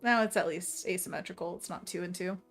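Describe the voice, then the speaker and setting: This livestream host paints envelopes and keeps up easy chatter, laughing frequently, reading out viewers' messages, and muttering to herself as she goes. She has a lowish voice and a quick pace, set against soft background music.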